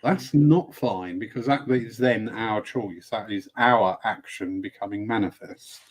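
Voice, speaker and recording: A man's voice: on the low side, a little slow, breathy edge. A man hosting a casual live-stream chat, a spiritualist service leader who talks in a rambling way with playful asides. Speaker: host.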